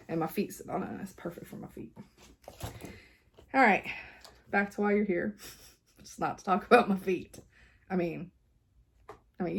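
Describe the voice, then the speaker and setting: A woman's voice: on the low side, a little mellow, breathy edge. A woman, chatting casually as a cross-stitch vlogger at her home craft desk, rambling with lots of fillers and laughs.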